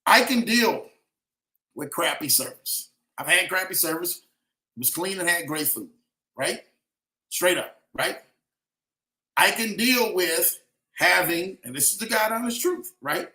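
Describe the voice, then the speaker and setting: Man, motivational talker, high bright voice, echoey room, direct and preachy. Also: expressive, a little slow, long pauses. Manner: preachy, repetitive, rising to emphatic peaks; casual slang, addresses listeners directly. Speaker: motivational speaker. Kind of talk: motivational talk.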